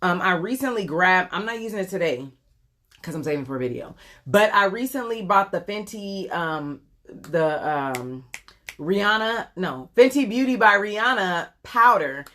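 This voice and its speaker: A woman's voice: mid-range voice, lively intonation, moderate pace, sharp tone. A woman in her forties chatting casually on a live makeup stream, rambling with lots of ums as she answers viewers. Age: 40s. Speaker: beauty vlogger doing a live makeup tutorial. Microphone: phone camera.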